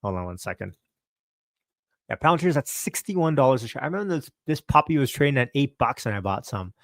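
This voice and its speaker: Canadian guy on a stock livestream, upbeat, shouting out chat, kinda keeping it down, dry close sound. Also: sing-song, fast talker, no echo. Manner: upbeat, greets viewers by name, chatty asides; talking a bit lower and quieter to not wake the house. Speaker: stock market livestream host. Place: home, early morning.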